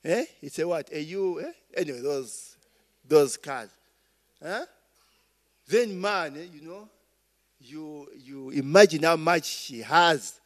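Slow-talking Ugandan preacher man. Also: on the high side, expressive. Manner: rambling, call-and-response asides, frequent "eh?" and "okay?". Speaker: pastor. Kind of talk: sermon.

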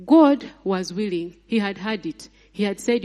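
A married woman preaching a lively sermon, acting out scenes with laughs and sudden high exclamations. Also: normal speed. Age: adult, married mother. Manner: acts out voices of people and God in her retelling. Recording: long hall reverb.

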